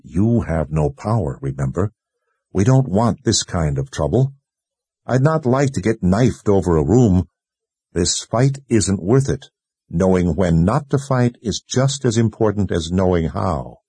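A man voicing a calm, cautious young warrior. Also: low voice, breathy edge, no room sound, heavily acted. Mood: cautionary. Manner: quiet, measured, advising.

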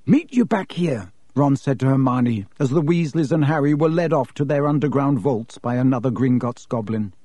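A man reading a storybook aloud in a measured, even narration. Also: mid-range voice, no room sound. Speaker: audiobook narrator.

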